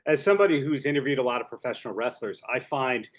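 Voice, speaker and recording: A male podcast host interviews his guest over a video call. His voice sits at an ordinary middle pitch. He asks friendly questions and pays compliments along the way. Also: animated, fast.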